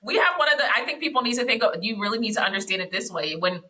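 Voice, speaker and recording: A woman, a therapist and educator, in a casual panel discussion, telling stories with quick asides and playful questions to the others. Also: fairly high pitch, lively intonation, sharp tone, low-quality recording.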